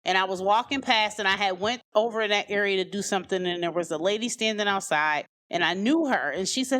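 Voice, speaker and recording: A woman telling her own life story casually, full of "you know" and "like," raising her pitch sharply when she quotes people. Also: quick pace, hardly any pauses. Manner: conversational, many "you know" and "like" fillers; acts out quoted voices with sharp rises in pitch. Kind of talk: personal storytelling.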